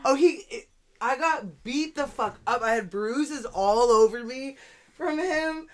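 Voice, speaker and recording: A woman's voice: high-pitched, takes it slowly. A young woman in her twenties tells a story on a casual podcast. She swears freely and acts out each exchange as she goes. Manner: profane, animated storyteller who acts out every exchange.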